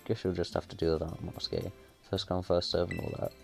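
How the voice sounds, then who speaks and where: Bossy teasing game girl voiced by a man, deep and gravelly, faint music behind. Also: level tone, brisk. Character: bossy teasing teenage girl, a cheeky schemer. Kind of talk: reading game dialogue aloud.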